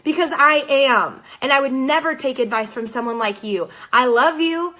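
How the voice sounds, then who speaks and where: A young woman giving a blunt, fired-up motivational talk with plenty of sarcasm. Her voice sits a little high for a woman. She coaches direct sellers and talks straight at them. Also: moderate pace, bright, forceful tone.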